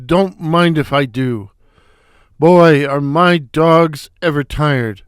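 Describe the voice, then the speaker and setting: A man voicing a brash, crude, wisecracking male slapstick comic with a loud foghorn voice in a read-aloud story. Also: fairly high pitch, takes it slowly, clear, resonant tone, no echo, clean studio sound. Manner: wisecracking, boisterous. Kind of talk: storybook character voice.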